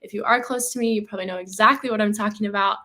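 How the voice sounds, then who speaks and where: A woman's voice: medium pitch, steady tone, very fast, pushed and bright. A young woman hosting a faith podcast, telling a personal story in an earnest, slightly nervous way with frequent ums. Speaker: podcast host.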